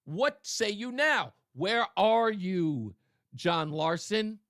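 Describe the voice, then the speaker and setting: Sarcastic, bright-voiced male radio host. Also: high-pitched, animated, very slow, no echo, clean studio sound. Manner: sarcastic, mocking, emphatic. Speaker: radio talk show host. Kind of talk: political talk radio commentary.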